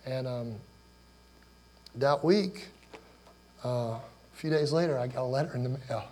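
A man in his forties preaches in an easy, conversational way, telling personal stories and putting questions to his listeners. His voice sits at an ordinary middle pitch, and a faint mains hum runs underneath. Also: unhurried, a little mellow. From Ohio, USA. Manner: conversational, personal storytelling, asks the congregation questions. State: choked up with emotion. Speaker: pastor. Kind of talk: sermon.

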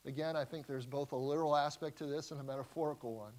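A man delivering an expository sermon as a pastor, teaching verse by verse in a conversational, animated way with frequent restarts. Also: fairly high pitch, quick pace.

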